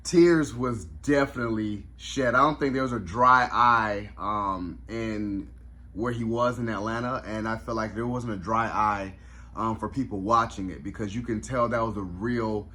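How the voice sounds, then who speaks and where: A man with a fairly low voice talks through a review in a casual vlog. He is reflective and openly moved, and he often pauses on fillers and restarts his sentences. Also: bright, forceful tone. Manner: reflective, emotional, many fillers.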